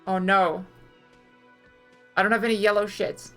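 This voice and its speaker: A woman playing through a game on a live stream, reading its text aloud in an even, mid-pitched voice and cutting in with casual, cursing remarks. Her voice sits in the middle of the range, and faint music plays underneath. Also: measured pace.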